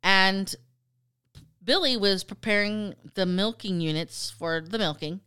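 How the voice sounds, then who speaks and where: A woman co-hosting a casual podcast, telling a story in an animated way, with some swearing and acted-out quotes. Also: medium pitch, a little slow, clear, resonant tone. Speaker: podcast co-host.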